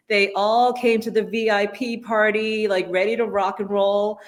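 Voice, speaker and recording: A middle-aged woman co-hosting a casual political talk show. She tells stories with animated, sarcastic energy. Her voice sits at a middle pitch. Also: moderate pace. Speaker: co-host.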